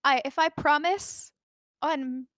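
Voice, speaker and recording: A woman voicing an injured young woman who pleads gently and hesitantly. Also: high voice, slow, dry recording, studio quality. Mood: pleading.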